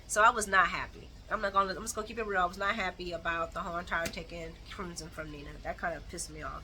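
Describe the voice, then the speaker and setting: Bright-voiced woman recapping, blunt and animated. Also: on the low side, fast talker, hardly any pauses, a little hiss or hum, rough recording. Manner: animated, blunt, colloquial, with mocking asides. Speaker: soap opera recap host. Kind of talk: casual chat recap.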